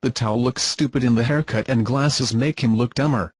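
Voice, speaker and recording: A man's voice: mid-range voice, a little fast, breathy edge. A man reading scornful, dismissive commentary in formal wording. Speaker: commentator being rebutted. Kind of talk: scripted insult commentary.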